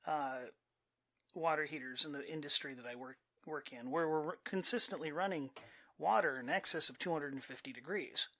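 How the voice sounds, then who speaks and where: A man's voice: fairly high pitch, normal speed, sharp tone. A man co-hosting a podcast, chatting casually and jokingly with his spouse in a wry, rambling way. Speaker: podcast co-host.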